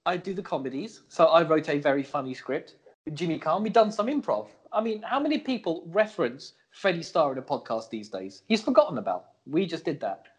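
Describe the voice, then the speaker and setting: A man's voice: fairly high pitch, fairly quick, breathy edge, dull audio. A man co-hosting a comedy podcast, teasing his partner and reading out scripted jokes. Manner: lively, teasing, reads scripted jokes aloud. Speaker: podcast co-host. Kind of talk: bickering comedy podcast banter.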